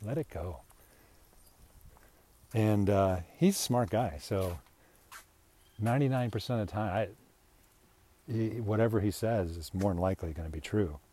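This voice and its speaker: A man's voice: lowish voice, normal speed, pauses often, warm tone. A middle-aged man casually telling a rambling, self-deprecating personal anecdote, chuckling between lines. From United States. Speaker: storyteller.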